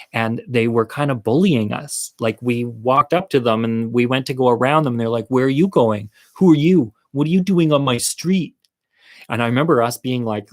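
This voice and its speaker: A man telling a funny personal childhood story on his video channel, animated and acting out the voices of the people in it. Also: medium pitch. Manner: animated, acts out quoted voices, laughs often. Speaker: storyteller vlogger.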